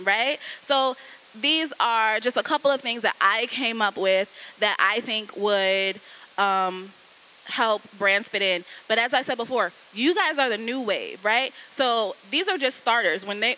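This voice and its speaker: A woman speaking to a class of students as a guest copywriter, in a lively, casual, conversational way, turning often to address them directly. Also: on the high side, a little hiss or hum, poor audio.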